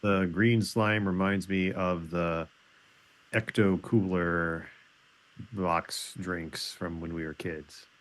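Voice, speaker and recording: Low-voiced man, halting podcast co-host. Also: steady tone. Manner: hesitant, halting and curious. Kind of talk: casual chat, reading a listener letter.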